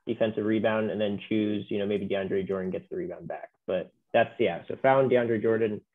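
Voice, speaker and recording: Brief: low-pitched male trainer, easygoing and filler-heavy, heard over a tinny, phone-like connection. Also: moderate pace. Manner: relaxed, many fillers. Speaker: software trainer. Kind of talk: webinar walkthrough.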